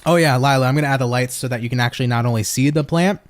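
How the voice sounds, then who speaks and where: A man's voice: medium pitch, very fast. A young man giving a casual tarot reading from his home office, laid-back and swearing freely, with frequent laughs. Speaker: tarot reader.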